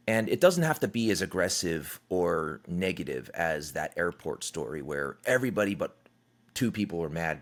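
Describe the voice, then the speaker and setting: A middle-aged man with a fairly low voice hosts his own podcast, talking alone in a loose, candid way. He swears freely and acts out other people's lines as he goes. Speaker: podcast host. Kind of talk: casual solo podcast monologue.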